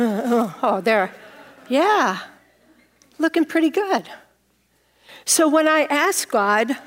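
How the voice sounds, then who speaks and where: A middle-aged woman pastor giving a sermon with props and a personal story, playful and laughing at herself. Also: a little high.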